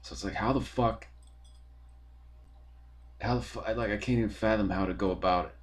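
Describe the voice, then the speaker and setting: A man's voice: lowish voice, fairly even intonation, brisk. A young man, talking in a rambling, profane, casual monologue full of fillers as a podcast host.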